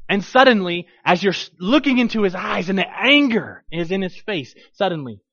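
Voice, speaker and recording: A man with a high voice preaches a sermon, retelling a scripture story with big swings between loud bursts and hushed lines. The recording is dull and lo-fi. It is also dry, with no echo. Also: very animated, normal speed.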